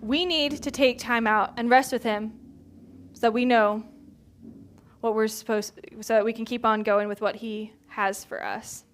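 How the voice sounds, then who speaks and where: A woman's voice: fairly high pitch, steady tone, unhurried. Chatty woman preaching a casual sermon. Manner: casual, chatty, with many filler words; acts out quoted speech in brighter voices. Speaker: church speaker. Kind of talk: conversational sermon.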